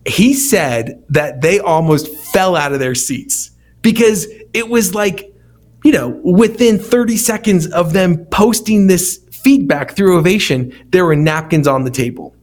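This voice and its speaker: A man's voice: on the high side, moderate pace. A man with a slightly raised voice, chatting casually as he tells stories from the restaurant business. He slips into the voices of the people he quotes. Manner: storytelling, animated quoting of others. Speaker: restaurant feedback company founder. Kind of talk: casual podcast conversation.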